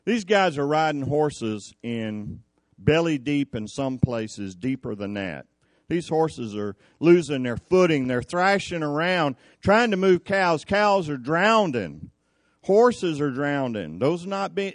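In a fairly high voice with no echo, a man preaches a folksy sermon at a cowboy church. He drawls out the scripture like a tale, performing the people who appear in it.

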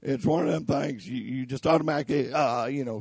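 A man with a raspy voice preaching a sermon in an earnest, emphatic way. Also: mid-range voice, brisk, darkish tone, no echo, clean studio sound. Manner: earnest, emphatic, addresses listeners as y'all.

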